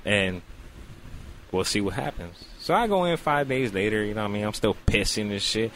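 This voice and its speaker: A man's voice: fairly low pitch, moderate pace, slight background noise. A man telling a long comic story in casual, profane slang, acting out the voices in it. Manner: animated, profane, acts out voices in his story. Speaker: podcast host telling a story.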